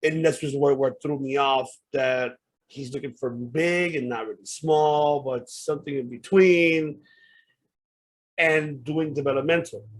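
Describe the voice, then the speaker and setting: Husky-voiced man on a heated podcast rant. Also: a little high. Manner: heated, profane ranting. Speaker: podcast host.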